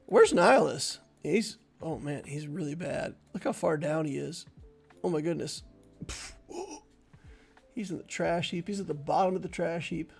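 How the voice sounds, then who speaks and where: A man's voice: on the high side, moderate pace, creaky, slightly rough, soft background music. A man giving casual live-stream commentary on a game, chatting playfully with viewers and laughing easily. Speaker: gaming streamer.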